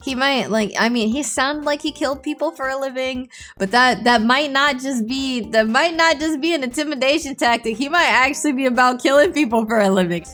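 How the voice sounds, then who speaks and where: A young woman telling a storytime as a VTuber, dramatic and animated, laughing often. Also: sits high, brisk, soft background music.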